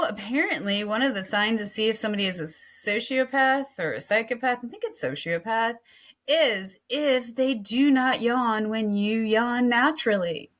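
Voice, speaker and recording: A middle-aged woman co-hosts a podcast in casual conversation, her voice a little high and fairly bright. She rambles and frequently restarts mid-sentence.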